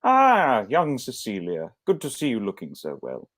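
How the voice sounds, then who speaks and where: A man voicing a stolid, staunch, matronly older woman who leads suffrage campaigners, in a brisk and commanding manner. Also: mid-range voice, huge pitch swings, fairly bright tone, no echo, pitched above the performer's own voice, full character voice. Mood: welcoming.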